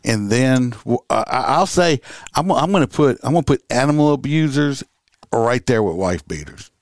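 A man's voice: mid-range voice, expressive, moderate pace, no room sound. A man co-hosting a casual podcast, a police officer telling stories in a folksy, profane way with many fillers.

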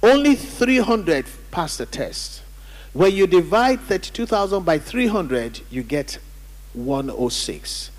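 A man's voice: high-pitched, sing-song, slow. A man preaching a sermon as pastor, emphatic, calling on the congregation to read and repeat after him. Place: church hall during service. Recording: church hall reverb.

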